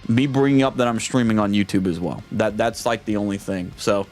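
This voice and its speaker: A man's voice: lowish voice, steady tone, a little fast, a little mellow, soft background music. A man streamer in casual live-stream chat, rambling and often repeating and restarting his words.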